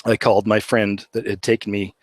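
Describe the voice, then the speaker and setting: A man's voice: lowish voice, little pitch movement, a little fast, dry recording. A man telling a long personal story in a rambling, casual way, with many fillers, acting out the voices of the people in it. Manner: rambling, many fillers, acts out quoted dialogue. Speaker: channel host.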